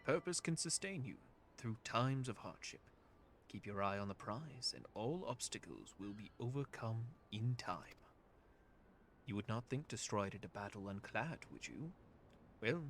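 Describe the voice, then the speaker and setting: A man's voice: medium pitch, very animated, measured pace, a little hiss or hum. A man voicing an earnest male adventurer leader who speaks in a formal, old-fashioned way, read aloud while playing a game. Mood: lofty.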